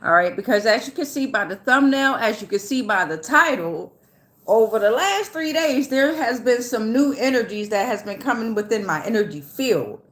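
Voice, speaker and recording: A woman's voice: fairly high pitch, expressive, moderate pace, a bit bright. A woman giving a casual, loose and chatty tarot reading, swearing freely and often checking in with her listeners. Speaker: tarot reader.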